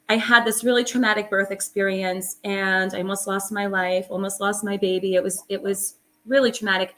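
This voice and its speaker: A woman's voice: medium pitch, sharp tone. A middle-aged woman, a holistic psychologist, telling her story as an interview guest in an earnest, emphatic way with many fillers.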